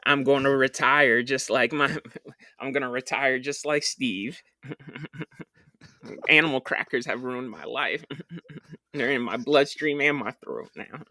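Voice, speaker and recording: A man's voice: mid-range voice, measured pace, long pauses, bright, forceful tone, no echo, studio quality. A man co-hosting a casual film podcast, joking, swearing and laughing a lot. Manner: joking, profane, laughs often. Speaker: podcast co-host.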